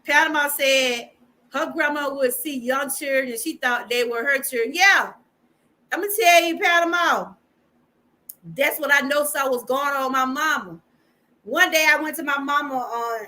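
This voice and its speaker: A woman's voice: high voice, normal speed, bright, forceful tone. A middle-aged woman with a Georgia Southern accent, hosting a casual live stream and chatting with viewers, calling them y'all.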